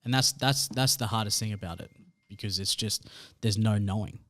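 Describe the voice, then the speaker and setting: A man's voice: fairly low pitch, moderate pace, a bit bright, no echo. An Australian man co-hosting a casual podcast, laid-back and full of fillers as he reassures and shares his own story. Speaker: podcast co-host.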